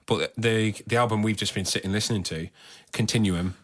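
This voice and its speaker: Male podcast co-host, lower pitch, relaxed, good-humoured chat. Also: fairly quick. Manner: apologetic, good-humoured, easygoing. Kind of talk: casual chat.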